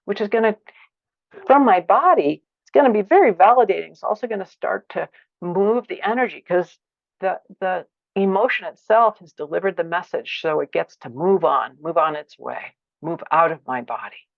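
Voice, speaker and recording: A woman giving a workshop lecture, expressive, acting out feelings with sighs and exclamations. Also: on the low side, moderate pace, creaky, no echo, muffled recording. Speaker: teacher of a conflict practice.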